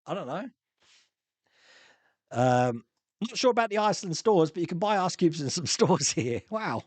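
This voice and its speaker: A man's voice: high-pitched, sing-song, moderate pace, husky, no room sound. A man from Australia hosting a live stream, chatting casually and rambling through viewer comments with restarts and frequent chuckles.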